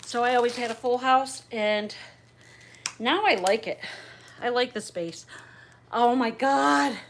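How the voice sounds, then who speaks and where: A middle-aged woman hosts a livestream while unwrapping gifts, gushing, bubbly and a bit raunchy. Her voice is fairly high and her pace a touch slow, with a little hiss or hum in the audio.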